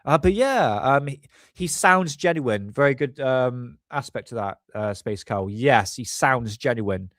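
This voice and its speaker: A man's voice: mid-range voice, animated, measured pace, fairly bright tone, no echo, studio quality. Rambling man with a stuffy nose. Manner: rambling, chatty, self-correcting. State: congested, stuffy sinuses. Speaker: livestream host. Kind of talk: casual livestream commentary.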